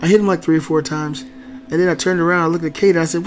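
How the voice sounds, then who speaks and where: A man hosting a channel, telling a family story casually and acting out the quoted lines loudly. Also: a little high, fairly even intonation, fast talker, a little hiss or hum. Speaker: channel host and father.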